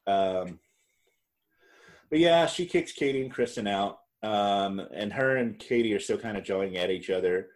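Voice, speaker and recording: A man with a fairly low voice talks through a reality-show recap in loose, casual chat. He rambles, restarts his sentences, and laughs along with his co-host. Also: animated, normal speed. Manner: rambling, self-correcting, laughs often. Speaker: podcast co-host.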